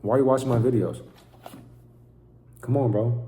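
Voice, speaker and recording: A man's voice: medium pitch, fairly even intonation, normal speed, warm tone, echoey room, a little hiss or hum. A man giving an intense, profane, preaching monologue to camera as a vlogger.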